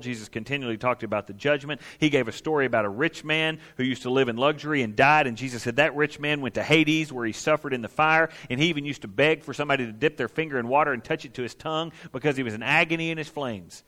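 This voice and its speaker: A man's voice: medium pitch, quick pace, hardly any pauses, a bit bright. A man preaching a conversational sermon, asking his listeners questions and acting out the quotes he tells. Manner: folksy, asks the congregation questions, acts out quotes.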